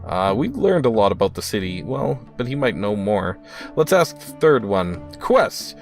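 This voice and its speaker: Wry male let's play host, casual commentary, low voice, faint game music. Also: very animated, normal speed. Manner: wry, amused, reads options aloud.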